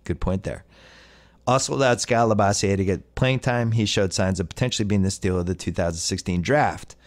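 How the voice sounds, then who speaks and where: A man's voice: sits low, a little fast. A man hosting a casual sports podcast, reading listener mail with wry storytelling. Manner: wry, storytelling, puts on voices when quoting people. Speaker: podcast host.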